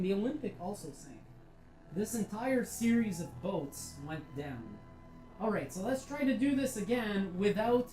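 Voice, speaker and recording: Playing a virtual reality game, a female reviewer keeps up a casual, excited stream of talk, cursing without restraint. She has a mid-range, slightly mellow voice, and the recording quality is poor.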